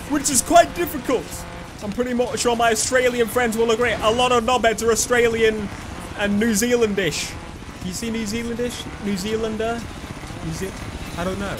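A young man giving cheeky, sweary, excitable commentary while playing a video game. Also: high-pitched, background noise. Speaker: gaming YouTuber. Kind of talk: casual gameplay commentary. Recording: game music playing underneath.

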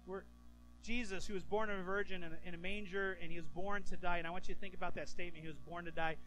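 A man in his thirties, a pastor preaching a sermon, telling stories with lively restarts and stammers. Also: high-pitched, quick pace, soft background music, low-quality recording. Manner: animated storytelling, stammering restarts.

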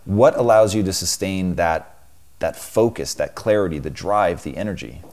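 A man's voice: low-pitched, normal speed, darkish tone. A man hosting a long-form interview, thoughtful and building long, reflective questions. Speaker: interview show host.

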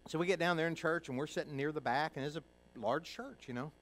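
A middle-aged male pastor from Kentucky preaching a sermon, telling a personal story in a folksy way, acting out the voices of others and moving between hushed and loud. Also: a little high, fast talker, poor audio.

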